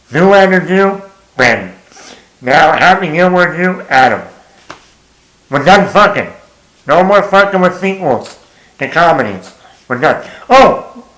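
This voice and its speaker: A man gives a casual spoken film review, blunt and exasperated, swearing freely. His fairly bright voice sits a little high for a man, and he speaks slowly and unhurriedly in a noticeably echoey room.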